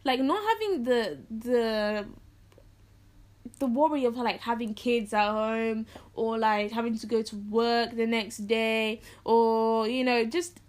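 A woman's voice: a little high, a little slow. A teenage girl from England, hosting a podcast in casual solo chat, joking and acting out quotes. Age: teens. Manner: animated, jokey, acts out quotes. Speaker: podcast host.

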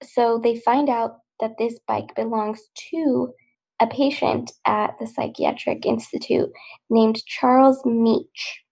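A woman co-hosting a podcast, telling a true-crime story in a casual, unhurried, matter-of-fact way. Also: fairly high pitch, fairly even intonation, creaky, darkish tone, rough recording. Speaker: podcast co-host.

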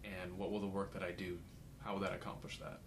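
A man's voice: sits low, little pitch movement, quick pace, roomy sound, noisy background. A man in a casual podcast discussion, talking earnestly and reflectively and sometimes restarting words.

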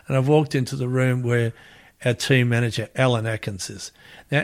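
A middle-aged Australian man, appearing as an interview guest, tells a rambling anecdote in a medium-pitched voice and acts out the quotes.

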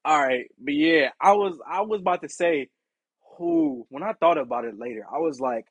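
A man with a lively, swooping delivery, pitched a bit above the usual, tells a story on his podcast. His voice is husky and a little breathy, and he swears freely as he acts out who said what. The sound is dry and close. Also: a little fast, no echo. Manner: animated, profane, acts out quoted exchanges. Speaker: podcast host. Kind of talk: casual storytelling monologue.

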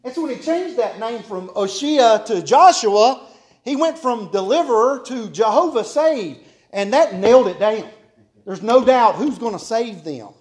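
Male preacher, high voice, homespun humor, hammers key lines by repeating them. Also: lively intonation, measured pace. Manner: homespun, joking, repeats key phrases for emphasis. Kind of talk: folksy sermon to a congregation.

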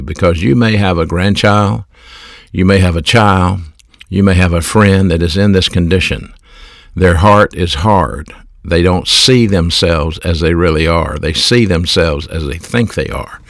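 A man preaching a verse-by-verse sermon, deliberately explaining the Greek meaning of words with measured emphasis. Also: low voice, dry recording, studio quality.

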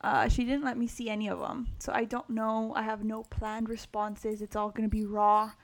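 A young woman hosts a casual podcast, speaking in a slightly high voice. She is blunt and candid and swears constantly, as if chatting with friends at home. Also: level tone, moderate pace. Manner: blunt, heavy cursing, candid. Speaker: podcast host.

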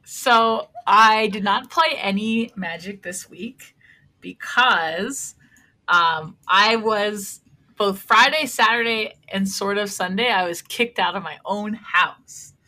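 Woman, bright voice, chatty storytelling, casual podcast chat. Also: medium pitch, slow pace. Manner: chatty storyteller, laughs often. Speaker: podcast co-host.

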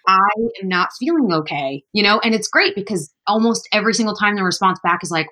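A woman's voice: medium pitch, expressive, fast, sharp tone. Chatty, upbeat woman full of "like"s. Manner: chatty, upbeat, heavy use of "like". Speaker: guest. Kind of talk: casual interview chat.

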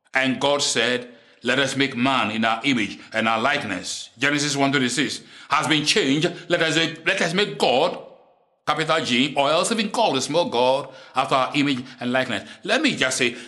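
Bright-voiced male preacher, deliberate and emphatic. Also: on the high side. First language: not English. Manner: deliberate, repeats key lines for emphasis. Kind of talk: sermon.

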